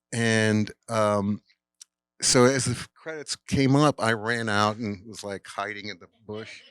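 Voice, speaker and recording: A man telling a rambling, animated anecdote at a cinema Q&A, full of fillers and acted-out quotes. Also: lowish voice, no room sound. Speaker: guest filmmaker at a Q&A.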